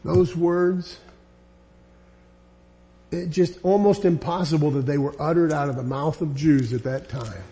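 Slow, high-voiced preaching man. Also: dark tone. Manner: emphatic, repetitive preaching with rising insistent lines. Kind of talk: sermon.

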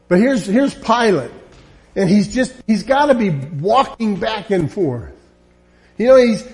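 A man's voice: high-pitched, darkish tone. A man preaching a sermon in an emphatic, conversational way, repeating his points and often saying "you know".

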